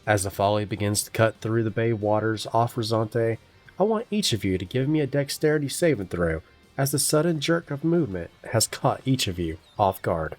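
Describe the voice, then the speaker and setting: A man narrating as game master of a tabletop game, lively and quick to laugh. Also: on the low side, faint music behind.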